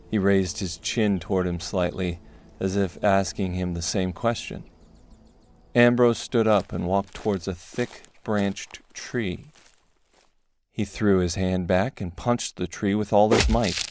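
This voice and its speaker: Deep-voiced male audiobook narrator. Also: darkish tone, a little hiss or hum. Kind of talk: scripted fantasy narration.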